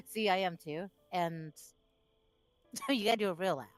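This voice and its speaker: A woman's voice: on the low side, takes it slowly, fairly bright tone, no room sound, soft background music. A woman with a Maine accent chatting bluntly while gaming, swearing and laughing easily. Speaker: co-player. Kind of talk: casual chat while gaming.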